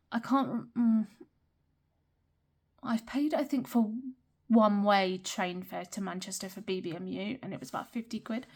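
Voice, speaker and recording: This young British budgeting vlogger chats casually as she counts cash into budget envelopes, often murmuring numbers under her breath. Her voice is medium-pitched and a little mellow.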